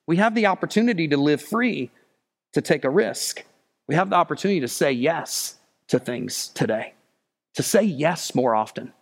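High-voiced earnest preaching man. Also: breathy edge. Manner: earnest, pleading, swells louder and higher when stirred. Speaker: pastor. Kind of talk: sermon.

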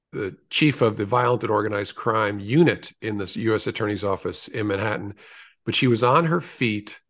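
A man in his sixties, an author being interviewed, telling stories in an earnest, reflective way with small restarts. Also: lowish voice.

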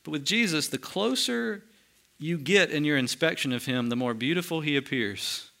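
A man preaching from the pulpit with a bright, forceful tone. He moves between lively, emphatic stretches and hushed, slowed-down solemn passages, speaking straight to the congregation. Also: a little high, gravelly. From United States. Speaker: pastor. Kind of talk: sermon.

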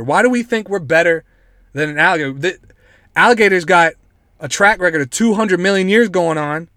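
A man hosting a podcast, reading news stories aloud and riffing on them in a joking, profane, animated way. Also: on the high side, no echo, clean studio sound. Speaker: podcast host.

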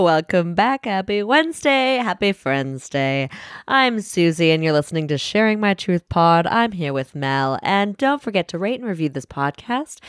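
Lively, frank woman podcast co-host. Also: fairly low pitch, no echo, studio quality. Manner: chatty, frank and playful. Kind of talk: casual chat.

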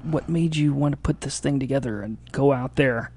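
A woman hosting a casual talk show, giggly and self-deprecating, often halting mid-sentence. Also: extremely low pitch, warm tone, slightly rough. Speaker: show host. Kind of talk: casual chat.

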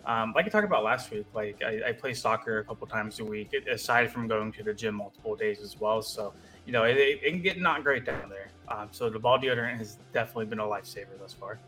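A man co-hosting a sports podcast, talking in a relaxed, hesitant way with many fillers. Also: fairly low pitch, fast, faint music behind, poor audio. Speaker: podcast co-host. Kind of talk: casual sports chat.

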